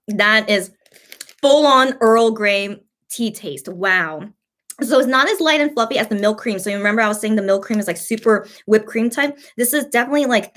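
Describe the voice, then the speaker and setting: A woman's voice: fairly high pitch, fairly bright tone. Chatty young woman eating on a live stream. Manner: bubbly and chatty, many fillers, reads viewer comments aloud. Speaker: mukbang vlogger. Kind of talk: casual live-stream chat.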